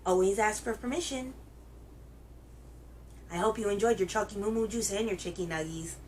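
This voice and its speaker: A woman hosting a children's reading show, telling a picture book aloud in a gentle, expressive way. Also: medium pitch, slight background noise, poor audio. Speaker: children's story reader, host.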